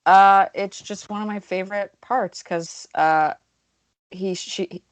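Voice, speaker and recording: A woman co-hosting a podcast in casual chat, opinionated and full of quick asides. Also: mid-range voice, steady tone, clean tone. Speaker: podcast co-host.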